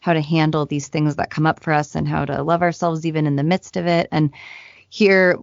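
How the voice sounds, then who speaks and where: A woman's voice: sits low, level tone, brisk, creaky, no echo, muffled recording. A woman co-hosting a parenting podcast, asking her guest questions in an appreciative way. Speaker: podcast co-host. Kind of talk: interview questions.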